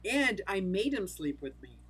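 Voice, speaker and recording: A woman's voice: medium pitch, a bit bright, slightly rough, low-quality recording. Chatty older woman hosting a livestream. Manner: chatty, laughs often, answers viewers by name. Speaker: livestream host. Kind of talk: casual livestream chat reading comments.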